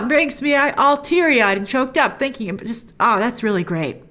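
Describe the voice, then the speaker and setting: Expressive woman host, higher voice, chatty episode recap with acted-out quotes. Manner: animated, acts out characters' lines in quick voices; frequent asides and restarts. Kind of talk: casual spoken review.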